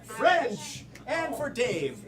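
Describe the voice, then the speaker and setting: A man's voice: extremely high pitch, big pitch swings, very slow. A man hosting a live improv comedy game on a theater stage, energetically calling out the rules and prompts to the players. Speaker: improv show host. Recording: live audience crowd noise.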